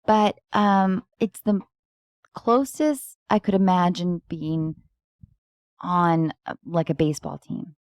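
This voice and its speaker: Woman host, casual and playful, slightly low voice, dry close-miked sound. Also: fairly even intonation, slow, darkish tone, dry recording. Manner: chatty, playful, rambling with frequent laughs. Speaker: podcast host. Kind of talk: casual chat. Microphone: close podcast microphone.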